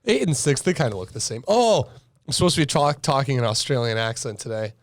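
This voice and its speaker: A man's voice: mid-range voice, very animated, a little fast, no echo, clean studio sound. A young man co-hosting a trading recap show, joking and laughing often in casual chat. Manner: playful, laughs often, jumps into silly voices.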